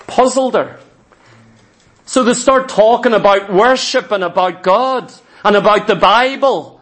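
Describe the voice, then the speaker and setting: A man preaching a sermon in an animated, emphatic way, often firing questions at his listeners. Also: high-pitched, unhurried.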